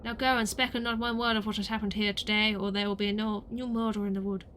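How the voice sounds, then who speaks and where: A woman's voice: mid-range voice, little pitch movement, fast, fairly bright tone, a little hiss or hum, close to an everyday voice. Woman reading as a grave archaic woodcutter. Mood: stern. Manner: old-fashioned thee-and-thou speech, grave warnings. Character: solemn archaic-speaking woodcutter of a sinister wood.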